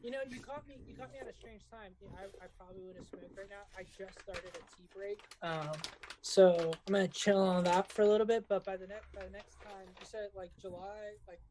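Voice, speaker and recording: A man's voice: high voice, steady tone, fairly quick, darkish tone. A man chatting as a guest on a podcast in an easygoing, laid-back way. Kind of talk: casual podcast chat.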